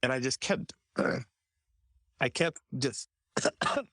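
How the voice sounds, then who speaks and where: A man hosting a podcast, telling a personal story in a relaxed conversational way, often restarting and quoting himself. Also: medium pitch, slow pace, no echo. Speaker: podcast host. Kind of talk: casual conversation.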